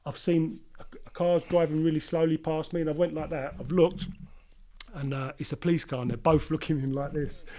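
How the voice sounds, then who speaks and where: A man's voice: fairly high pitch, fairly even intonation, fairly quick, warm tone. A middle-aged man tells his story in a casual interview. He keeps restarting his sentences and repeating himself, and he acts out what others said as he goes. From London. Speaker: interview guest.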